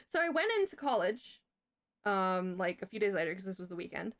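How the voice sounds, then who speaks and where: A woman's voice: medium pitch, animated, fast talker, fairly bright tone. Swearing, chatty woman streamer. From Britain. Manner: chatty and profane, swears freely. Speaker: livestreamer. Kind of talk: casual storytelling to a live chat.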